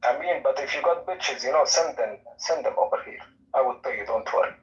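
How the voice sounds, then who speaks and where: A man's voice: mid-range voice, a little fast. A man trolling the other caller in a provocative, mock-sincere way, drawling with lots of fillers. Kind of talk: trolling online chat. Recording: distant lo-fi audio.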